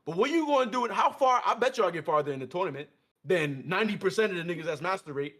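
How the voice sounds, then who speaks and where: A man with a high voice talks about fighting games in a loose, swearing chat. His pitch swings wildly up and down as he keeps the story moving with plenty of laughter. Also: very fast. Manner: animated, swearing, laughs a lot, acts out quotes. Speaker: podcast guest. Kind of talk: casual gaming chat.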